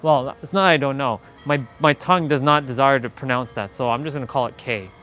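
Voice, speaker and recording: A man's voice: mid-range voice, brisk, a bit bright, faint music behind. A man hosting a motivational livestream, talking in a blunt, rambling way with many restarts and fillers. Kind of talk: casual live-stream monologue.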